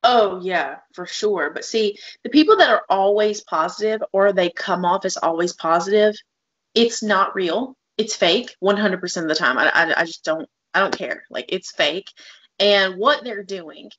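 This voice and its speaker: A woman in her thirties co-hosts a casual podcast conversation, speaking earnestly and emphatically and quoting others in an animated way. Her voice is medium-pitched at normal speed, with the highs cut off.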